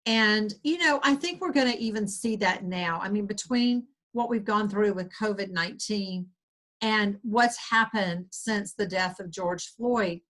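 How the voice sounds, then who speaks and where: Brief: Southern US woman, author guest, earnest, rambling, mid-pitched voice. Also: a little slow, fairly bright tone. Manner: earnest, rambling with many restarts. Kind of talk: conversational interview.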